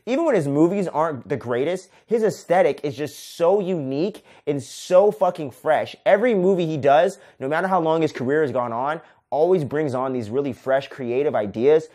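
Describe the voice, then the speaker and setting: A man's voice: fairly high pitch, lively intonation, normal speed, hardly any pauses, warm tone. A man hosting a casual solo movie review, enthusiastic and profane, who ends sentences with "man". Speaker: podcast host, film reviewer.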